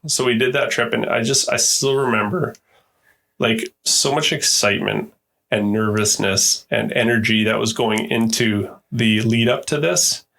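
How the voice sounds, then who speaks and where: Gravelly-voiced man telling hunting stories. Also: mid-range voice, fairly even intonation, a little slow, a bit bright. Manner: repeats words while telling stories. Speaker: podcast guest. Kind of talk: casual storytelling.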